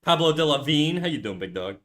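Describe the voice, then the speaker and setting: Bright-voiced rambling male streamer. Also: a little high, very animated, a little fast. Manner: rambling, self-deprecating, swears casually. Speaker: live-streaming artist. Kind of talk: casual livestream chat.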